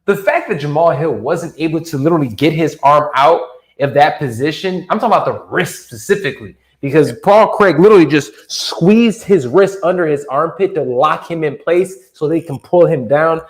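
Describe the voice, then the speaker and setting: A man chats through a fight recap with loose, animated energy, swearing freely and breaking into laughter. His voice sits a bit high for a man and rings in a roomy, echoey space. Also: normal speed. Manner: animated, profane, laughs a lot. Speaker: podcast co-host. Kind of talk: casual fight recap chat. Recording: roomy echo.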